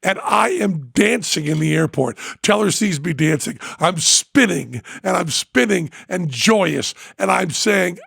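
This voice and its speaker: A man hosting a podcast, telling a story in casual chat, excitable and breaking into loud laughter and shouts. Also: sits high, unhurried, gravelly, hardly any pauses, husky, no room sound, clean studio sound. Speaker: podcast host.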